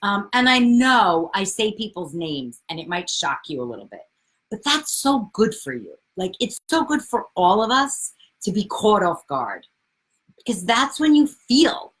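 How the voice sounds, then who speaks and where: A woman in her forties hosting a casual live video chat, bubbly and excitable, swearing freely and greeting viewers by name. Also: mid-range voice, a little slow. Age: 40s. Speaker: livestream host, coach.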